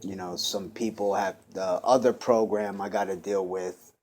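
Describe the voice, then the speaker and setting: Deep-voiced man, rambling interviewee, hesitant, faint background hiss. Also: fairly even intonation, moderate pace, a little mellow. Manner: rambling, hesitant, many fillers. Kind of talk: casual conversation.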